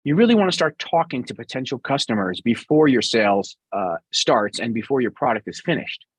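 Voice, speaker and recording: A man's voice: mid-range voice, lively intonation, a little fast, breathy edge, no echo. A middle-aged man with a New York accent, answering interview questions bluntly and sarcastically as a business guest.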